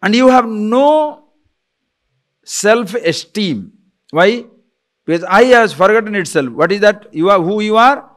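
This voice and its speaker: A man, a spiritual teacher giving an animated lecture on scripture, full of rhetorical questions and chuckles. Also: high-pitched, measured pace, long pauses.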